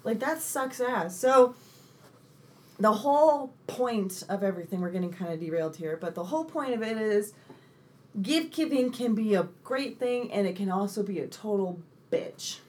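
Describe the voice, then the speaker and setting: A young woman co-hosting a casual chat, telling animated stories, swearing freely and acting out the people she quotes. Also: medium pitch, normal speed. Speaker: podcast co-host.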